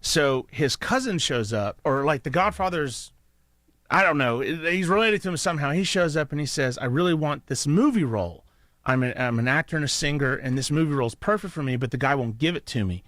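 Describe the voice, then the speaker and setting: A man's voice: on the high side, lively intonation, brisk, fairly bright tone, no room sound, clean studio sound. A man, a show host chatting and telling stories in a rambling, chuckling way. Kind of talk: casual chat.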